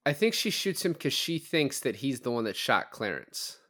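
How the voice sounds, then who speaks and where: A man's voice: medium pitch, moderate pace. A man hosting a podcast, casually recapping film scenes and acting out quoted lines as he goes. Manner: animated, retells scenes with quoted voices. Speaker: podcast host. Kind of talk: casual film review chat.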